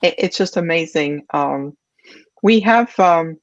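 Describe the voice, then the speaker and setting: A woman's voice: low-pitched, lively intonation, slow, no echo, highs cut off. A woman hosting an interview, affirming and enthusiastic toward her guest. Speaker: host.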